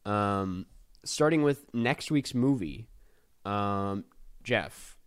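A man's voice: fairly low pitch, lively intonation, drawn-out words, clean tone. Loose, laughing male podcast host. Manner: loose, lots of ums and laughs. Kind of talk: casual chat.

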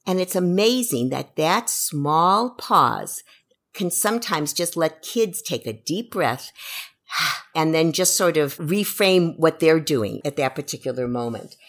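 A woman's voice: low voice, animated, takes it slowly. A middle-aged woman, an educational psychologist, giving parenting advice on a podcast and acting out what parents and children say.

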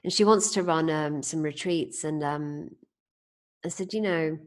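Woman podcast host, deep voice, amused storyteller. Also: measured pace. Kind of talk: casual conversation.

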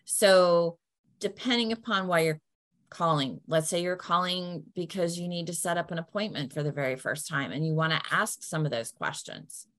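Lowish woman giving friendly practical advice. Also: normal speed, fairly bright tone. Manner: friendly and down-to-earth, acts out polite phone lines. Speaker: patient advocate answering questions.

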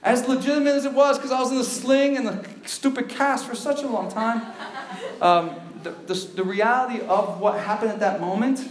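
A man giving a storytelling talk to teenagers as a youth speaker, animated and loud, often laughing through his words. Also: very high voice, normal speed, noisy background. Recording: echoey room.

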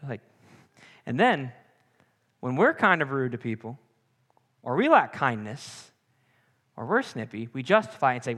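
A young man preaching a sermon with animated, joking asides. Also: mid-range voice, a little slow, pauses often. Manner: animated, jokey asides and acted-out quotes. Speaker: pastor. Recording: long hall reverb.

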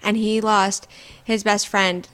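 A young woman co-hosting a podcast, speaking gently and reflectively and asking probing questions. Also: medium pitch, flat delivery, slow. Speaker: podcast co-host. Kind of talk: casual chat.

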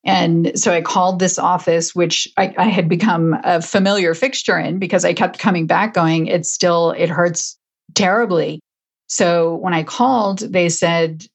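Lowish-voiced woman telling her story. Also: steady tone, a little slow. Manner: frequent restarts, emotional at moments. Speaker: interview guest. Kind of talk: conversational storytelling.

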